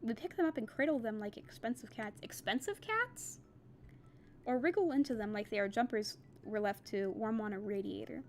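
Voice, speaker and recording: A woman's voice: fairly high pitch, a little fast, few pauses, a little mellow, a little hiss or hum. Young woman reading a novel aloud. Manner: reads plainly, breaks off for chatty, laughing asides. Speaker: reader.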